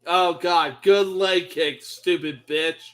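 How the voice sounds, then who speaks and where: A man commentating a fight on a live stream, swearing and yelling at the fighters in exasperation. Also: on the high side, steady tone, slow.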